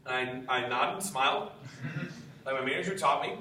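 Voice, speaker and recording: A young man, a sales trainer, giving an enthusiastic, high-energy motivational talk to a room of sales reps. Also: normal speed, sharp tone. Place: meeting room. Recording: echoey room from far off, faint noise.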